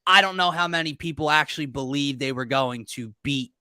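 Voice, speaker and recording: A man co-hosting a live sports talk show, upbeat, hyping the big game with drawn-out emphasis. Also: a little high, sharp tone, clear, resonant tone, dry recording, clean studio sound. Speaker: co-host of a sports podcast.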